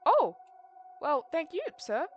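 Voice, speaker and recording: A woman's voice: extremely high pitch, sing-song, slow pace, muffled recording, slight background noise, voice pushed up, exaggerated voice. A woman voicing a young boy page who sounds nervous and apologetic. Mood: flustered. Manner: flustered, apologetic.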